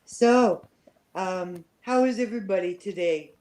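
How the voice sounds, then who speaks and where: A woman's voice: medium pitch, a little slow, mellow, a little hiss or hum, rough recording. A Canadian woman with a slight French-Canadian accent, hosting her first livestream in a hesitant, filler-filled, grateful way. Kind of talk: casual live-stream chat.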